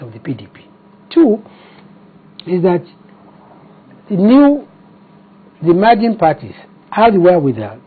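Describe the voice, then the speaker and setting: A man's voice: a little high, breathy edge, phone-quality sound. A Nigerian-accented man speaking as a party spokesman in a TV interview, combative and firing off rhetorical questions.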